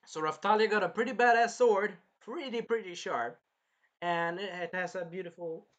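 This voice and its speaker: Bright-voiced man rambling through a review. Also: sits high, steady tone, moderate pace, highs cut off. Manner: rambling, swears freely, jumps into character quotes. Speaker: anime reviewer. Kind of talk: casual review vlog.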